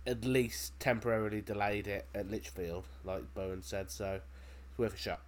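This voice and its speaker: Laid-back low-voiced Englishman. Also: normal speed, slight background noise. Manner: relaxed, rambling, with fillers like "um" and "like". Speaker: podcast co-host. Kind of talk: casual podcast chat.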